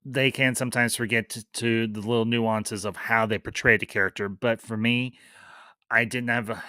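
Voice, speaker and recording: A man's voice: medium pitch, steady tone, moderate pace, pushed and bright, no echo. A man hosting a live-stream review, chatting loosely with fillers and greeting viewers in the chat. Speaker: livestream host reviewing a series.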